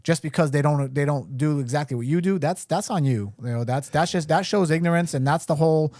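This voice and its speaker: A man's voice: fairly high pitch, fairly quick, darkish tone, no room sound, studio quality. A middle-aged man running for mayor, answering a caller bluntly and firmly on a live show. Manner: blunt, firm, indignant. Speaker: mayoral candidate, guest.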